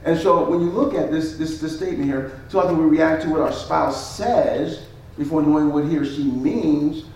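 A man's voice: a little high, normal speed, darkish tone, slight background noise. A man preaching as a pastor, teaching on marriage and acting out both sides of an argument with repeated phrases. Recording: echoey hall, mic at a distance.

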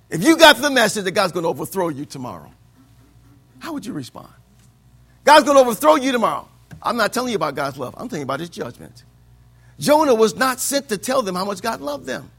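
Preacher, male, high and bright, call-and-response delivery. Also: creaky, breathy edge. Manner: swings from loud declaiming to quiet asides. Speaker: pastor. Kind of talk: sermon.

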